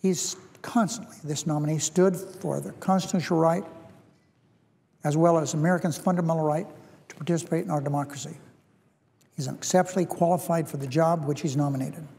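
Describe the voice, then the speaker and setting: A man giving a formal speech as a senator on a chamber floor, deliberate and repeating phrases for emphasis. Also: fairly high pitch, steady tone, creaky, a little mellow. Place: large legislative chamber. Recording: long reverb of a large hall.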